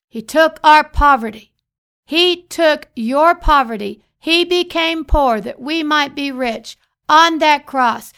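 A woman's voice: sits high, slow pace, fairly bright tone. A woman pastor preaching a sermon, reading scripture and repeating phrases for emphasis.

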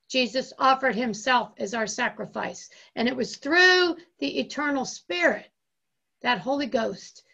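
A woman pastor preaching a sermon with impassioned, drawn-out emphasis and repeated phrases. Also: a little high, gravelly, pushed and bright, highs cut off.

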